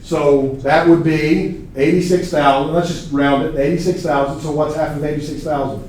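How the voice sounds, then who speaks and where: A man's voice: fairly high pitch, steady tone, normal speed, a little mellow, a little hiss or hum. A man in his forties from Arkansas, lecturing a college class conversationally and asking them questions. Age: 40s. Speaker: college instructor. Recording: echoey classroom from a distance.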